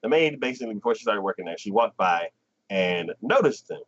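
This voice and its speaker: A man on a casual livestream, walking through a story with a lively, swooping voice that climbs high when he imitates characters. The sound is dull and lo-fi, like compressed stream audio. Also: fairly quick. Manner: animated plot retelling, acting out characters in quotes. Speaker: anime podcast host.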